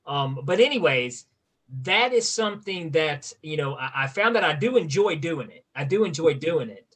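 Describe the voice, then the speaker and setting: A male podcast host in casual conversation, his voice bright and a touch high. He talks hesitantly, circling back with fillers and restarts as he finds his words. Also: expressive, normal speed, husky.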